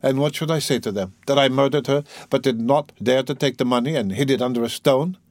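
A man's voice: mid-range voice, a little fast, no echo, natural voice. A man reading aloud, voicing a tormented young man who speaks bitterly and defiantly. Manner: brooding, bitter, bursting into agitated outcries. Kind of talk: audiobook reading.

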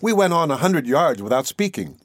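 A man's voice: a little high, dry recording. Man narrating a classic novel. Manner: measured, expressive reading. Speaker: audiobook narrator.

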